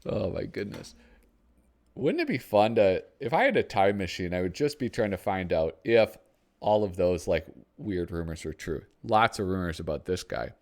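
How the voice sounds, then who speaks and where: Lower-voiced man rambling casually. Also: very animated, moderate pace. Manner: rambling, frequent ums, thinking aloud. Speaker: host. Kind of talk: casual chat while flipping through a magazine.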